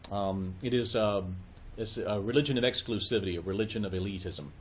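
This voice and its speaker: A man's voice: fairly low pitch, a little fast, slight background noise. A man giving a conversational Bible study lecture at a church, often checking in with his listeners and adding dry asides. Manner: loose, with frequent fillers and dry asides.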